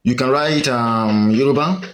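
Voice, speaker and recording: A man's voice: medium pitch, a little slow. A man with a Nigerian accent giving a casual, rambling monologue, full of fillers and questions to the listener. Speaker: commentator.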